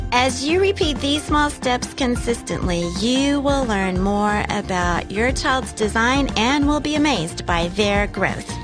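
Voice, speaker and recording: A woman's voice: a little high, fairly bright tone. A woman hosting a talk, giving parents encouraging advice and speaking directly to her listeners.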